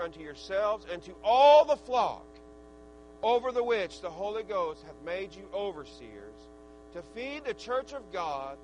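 A middle-aged man preaching a sermon in a folksy, earnest way, his loudness rising and falling. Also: high-pitched, a little hiss or hum, poor audio.

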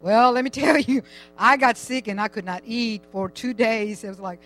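A woman's voice: fairly high pitch, steady tone, fairly quick, fairly bright tone, faint music behind, poor audio. An older woman giving a rambling, chatty personal testimony in church, laughing now and then as she talks.

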